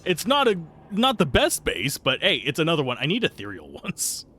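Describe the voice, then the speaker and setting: A man streams gameplay live, his slightly high voice swooping wildly in pitch, pushed and bright at a normal speed. He chats in a rambling, self-deprecating way while answering chat.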